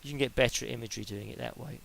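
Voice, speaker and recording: A middle-aged man talks through a sport psychology lecture in a relaxed, chatty way, laying out each step with homely examples. His voice has a gravelly, creaky edge and sits at an ordinary middle pitch. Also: racing, rough recording. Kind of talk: informal spoken lecture.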